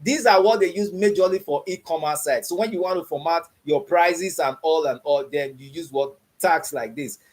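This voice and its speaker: A man with a slightly high voice teaches an online coding class for beginners, speaking at a moderate pace with almost no pauses. He keeps asking "you understand what I'm saying?" and quizzes the learners with open questions like "what?" as he checks their understanding.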